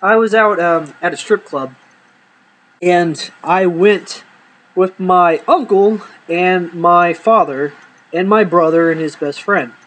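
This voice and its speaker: A man's voice: high voice, slow pace, a bit bright, a little hiss or hum, rough recording. A man telling rambling, profane comic stories from his life and acting out the dialogue. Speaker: comedy storyteller. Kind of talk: casual comedic storytelling.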